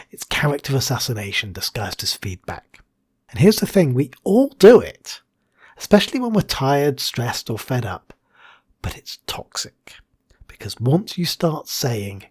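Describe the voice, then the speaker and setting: A man with a husky voice delivers a scripted educational talk as a hypnotherapist and coach. His pitch swings widely between punchy highs and low, breathy asides. He lands key words in a hushed whisper for dramatic effect.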